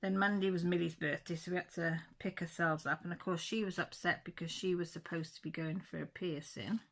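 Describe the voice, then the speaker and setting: A woman in her forties, host of a crafting channel, chats casually while working on a craft project, rambling and correcting herself mid-sentence. Her voice is on the low side and steady, fairly bright in tone, and a little fast.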